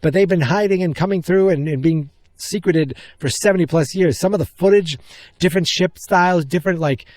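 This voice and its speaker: A man hosting a podcast, excitedly retelling a film's scenes in a rambling, casual way. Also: high voice, fairly quick, dry recording. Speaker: podcast host. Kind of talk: casual movie recap.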